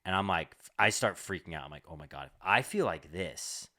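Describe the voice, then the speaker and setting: A young man with a deep voice and a bright, pushing edge tells a story on a comedy podcast. He rambles and swears, stacking up filler words as he goes. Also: lively intonation, fairly quick. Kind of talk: casual storytelling chat.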